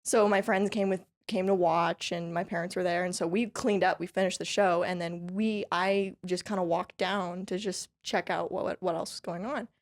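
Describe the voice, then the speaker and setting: With a fairly low pitch, a normal speed, and few pauses, this California-born country fiddle player tells stories as a podcast guest. Her casual interview manner is chatty and upbeat, lively with frequent laughs between phrases and many fillers like "like" and "you know."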